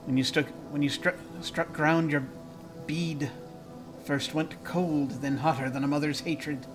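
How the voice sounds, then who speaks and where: A man voicing Mother Tamaz, a gruff old midwife. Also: on the high side, quick pace, over music, close to an everyday voice. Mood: scolding. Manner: stern, scolding, archaic phrasing. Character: sour old midwife woman, gruff and cryptic.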